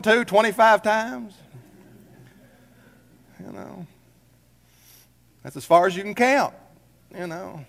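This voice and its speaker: Folksy high-voiced male pastor preaching. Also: slow pace, creaky, long pauses, fairly bright tone, in a large hall. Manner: folksy, conversational preaching with rhetorical questions. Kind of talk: sermon. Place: church sanctuary.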